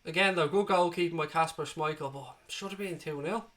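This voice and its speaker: A man hosting a live football watchalong, calling the play and chatting with viewers, excitable and prone to swearing as he cheers. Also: on the high side, fairly quick. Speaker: watchalong host. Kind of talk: live match commentary and chat. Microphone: desk microphone.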